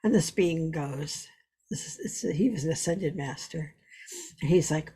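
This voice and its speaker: Woman, spiritual teacher, slow unhurried delivery, husky tone, earnest teaching talk. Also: mid-range voice, animated. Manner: earnest, repetitive, storytelling.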